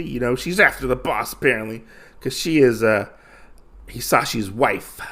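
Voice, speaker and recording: Gravelly man recapping a comic. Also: mid-range voice, expressive, normal speed, a bit bright. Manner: loose, enthusiastic retelling with many fillers. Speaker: podcast host. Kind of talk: casual comic book recap.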